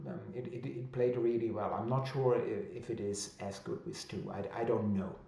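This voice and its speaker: A man's voice: on the low side, steady tone, normal speed, gravelly, warm tone, reverberant. A man with a thick German accent hosting a casual livestream chat, reading out viewer comments with many fillers and restarts. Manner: hesitant with many fillers and restarts, laughs easily. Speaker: host of a weekly publisher chat.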